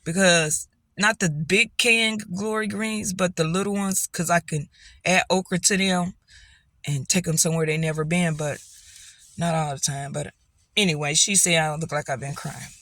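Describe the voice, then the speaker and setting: A middle-aged woman vlogger tells her viewers a rambling story, laughing often and encouraging them. Her voice is on the low side and a bit bright, with fairly even intonation and a moderate pace. There's no room sound.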